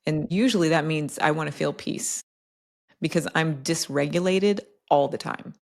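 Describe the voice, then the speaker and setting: A woman's voice: low-pitched, normal speed, vocal fry. A woman guest on a podcast interview, telling personal stories in a reflective, casual way, often adding "like" and "right?". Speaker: podcast guest, health coach.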